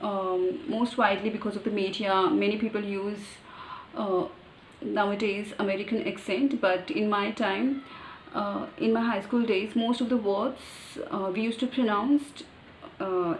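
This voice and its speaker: An Indian-accented woman, Marathi by birth, talks through her ideas in an earnest, step-by-step way. Her voice sits at an ordinary pitch. The room rings with echo, and faint ambient noise hums underneath. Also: steady tone, unhurried. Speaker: vlogger. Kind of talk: casual explainer monologue.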